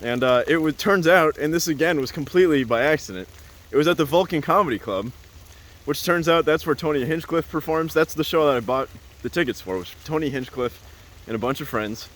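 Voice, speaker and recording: A man's voice: on the high side, animated, a little fast, fairly bright tone. A man telling a casual, rambling story as a vlogger, full of "like" and "uh" and laughing often.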